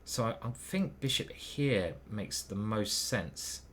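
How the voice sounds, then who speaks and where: A man's voice: lowish voice, expressive, slow pace, slight background noise. A man thinking aloud as he plays online chess, muttering moves and questioning himself. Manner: muttering move by move, hesitant self-questioning. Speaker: chess grandmaster commentating his own games.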